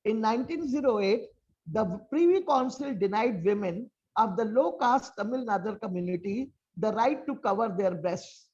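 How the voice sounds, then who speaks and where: A woman giving a measured, formal prepared talk as a panel speaker over a video call. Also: on the high side, lively intonation, darkish tone. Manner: measured, lecturing delivery. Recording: dull lo-fi call audio.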